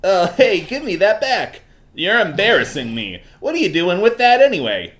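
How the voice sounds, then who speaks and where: A man voicing a goofy, excitable young male slacker who whines and gets flustered. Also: high-pitched, moderate pace, pitched above the performer's own voice. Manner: whiny, flustered and boastful. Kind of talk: voicing a game character.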